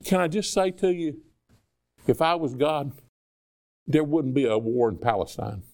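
A man's voice: fairly high pitch, a little slow, darkish tone. A man preaching a sermon in a conversational way, acting out dialogue between people and God. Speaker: pastor.

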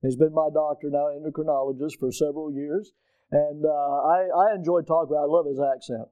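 A middle-aged male pastor preaching a sermon, emphatic and questioning his listeners, rising loud on key points. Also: a little high, fairly even intonation, brisk, no room sound, phone-quality sound.

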